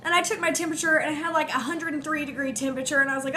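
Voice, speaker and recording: A young woman with a high, bright voice that sounds congested and a little off from a recent illness. She talks to camera in a personal vlog, halting and emotional, with many ums and likes. A faint hum from a space heater runs under her voice at home. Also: steady tone. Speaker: teacher and vlogger. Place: home room.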